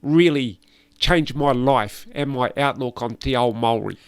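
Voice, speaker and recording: A man's voice: mid-range voice, unhurried, clear, resonant tone, no room sound. A man with a New Zealand accent, the guest on a casual chat podcast, telling self-deprecating stories with laughs.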